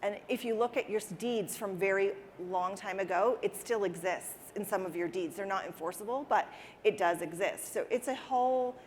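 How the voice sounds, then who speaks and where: A woman speaking earnestly as an interview guest, restarting her sentences and repeating words as she goes. Her voice sits at a middle pitch. It carries a long reverb, as if recorded in a large hall. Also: moderate pace, darkish tone, a little hiss or hum. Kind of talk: conversational interview answers. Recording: reverberant hall with faint ambience.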